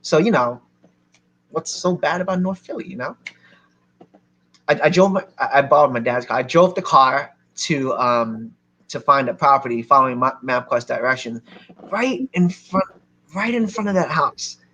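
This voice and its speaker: A man from Philadelphia telling a lively story to a seminar audience as a real estate investor, acting out the people in it. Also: mid-range voice, normal speed. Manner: animated, acts out other people's lines.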